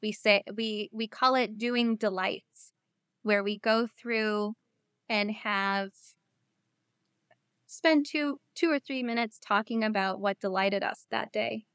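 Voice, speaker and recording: Smooth-voiced woman, reflective and candid. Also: medium pitch, steady tone, dry recording, clean studio sound. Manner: reflective, unhurried, with soft hesitations. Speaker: interview guest. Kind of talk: candid personal storytelling.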